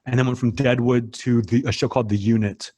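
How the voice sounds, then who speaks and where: Podcast guest, male comedian in his forties, average pitch, loose conversational storyteller. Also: fairly even intonation, a little fast, a little mellow. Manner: loose storytelling with frequent swearing and fillers. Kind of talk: casual podcast chat.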